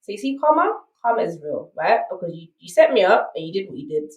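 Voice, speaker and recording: A woman's voice: mid-range voice, sing-song, quick pace, roomy sound, distant mic, muffled recording. A woman with a South London accent, a podcast guest telling her story candidly and emphatically, often checking in with "right?". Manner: emphatic, rhetorical asides like "right?".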